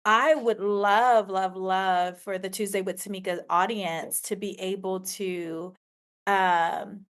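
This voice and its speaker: A woman hosts a podcast interview at an unhurried pace. She talks in a conversational, affirming way and laughs readily. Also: mid-range voice, steady tone, smooth. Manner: warm affirming, frequent laughter. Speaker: podcast host.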